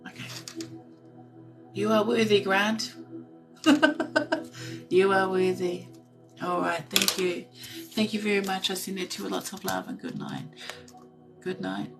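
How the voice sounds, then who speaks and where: A woman giving a live intuitive card reading, talking in a soft, slow, meditative way and reading card text aloud. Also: medium pitch, lively intonation, distant mic, music in the background, low-quality recording.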